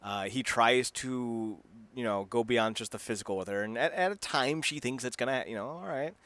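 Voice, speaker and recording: A man co-hosting a podcast, chatting casually and rambling with lively energy, laughing at his own jokes. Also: medium pitch, normal speed. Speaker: podcast co-host. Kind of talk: casual chat.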